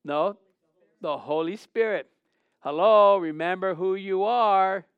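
High-voiced, smooth-toned preacher man. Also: slow pace, no echo, phone-quality sound. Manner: relaxed storytelling with repeated phrases and rhetorical questions. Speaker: pastor. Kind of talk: conversational sermon.

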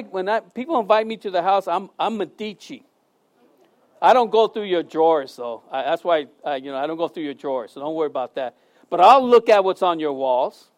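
A middle-aged man preaching a sermon to a congregation, chatty and lively with jokes and asides. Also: high-pitched. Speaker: pastor. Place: church hall before a congregation.

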